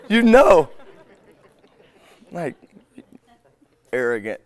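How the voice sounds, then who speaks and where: A man teaching a live group in a relaxed, conversational way. He acts out bits of everyday dialogue as he tells his stories. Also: sits high, slow, creaky, long pauses, dry recording. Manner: animated storyteller who acts out dialogue.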